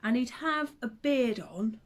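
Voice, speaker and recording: A woman, chatting to the camera and telling old stories in a relaxed, reminiscing way. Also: fairly high pitch, unhurried. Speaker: vlogger. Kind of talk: casual chat to camera.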